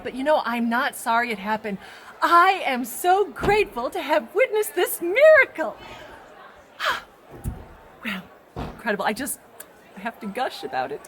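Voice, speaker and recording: A woman's voice: high-pitched, a bit bright, slight background noise, heavily acted. A woman playing a chatty female water droplet in a comic children's sermon skit, telling her story with gushing drama.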